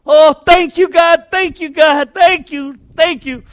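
A man's voice: extremely high pitch, a little slow, vocal fry, a bit bright, dry recording, pitched above the performer's own voice, heavily acted. A man voicing a devout old woman who pleads with God for food. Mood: grateful. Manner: pleading, repetitive.

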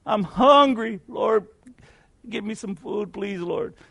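Preacher's put-on old praying woman, high-pitched, imploring, dry sound. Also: takes it slowly, vocal fry, sharp tone, dry recording, heavily acted. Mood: pleading. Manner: pleading, repetitive.

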